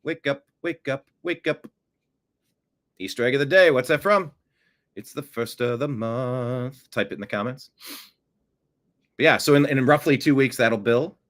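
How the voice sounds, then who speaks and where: A man's voice: mid-range voice, normal speed, fairly bright tone. A man hosting casual political commentary, sarcastic, and mocking his critics with put-on gasps and voices. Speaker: host.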